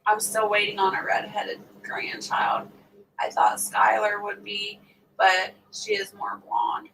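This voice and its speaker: Very animated yet slow, a middle-aged woman's mid-range voice carries vocal fry and a bit of brightness as she hosts a casual livestream. Laughing and chatting with viewers, she acts out others' remarks. Faint background noise is present, and she's a little distant from the mic.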